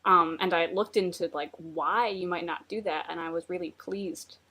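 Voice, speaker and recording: A woman co-hosting a podcast in casual chat, opinionated and quick with asides. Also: fairly low pitch, steady tone, pushed and bright, breathy edge. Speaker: podcast co-host.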